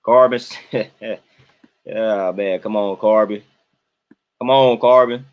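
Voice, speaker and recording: A man's voice: fairly low pitch, fairly even intonation, slow, clean tone, phone-quality sound. A young adult man, casually talking to his livestream chat, colloquial and repeating himself for emphasis. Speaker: livestream host reading chat.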